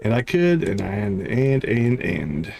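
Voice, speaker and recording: A man's voice: fairly low pitch, very animated, slow, creaky, darkish tone, a little hiss or hum, full character voice. A man reading out the lines of a frail, despairing young villager recovering from illness, in a plain read-aloud way.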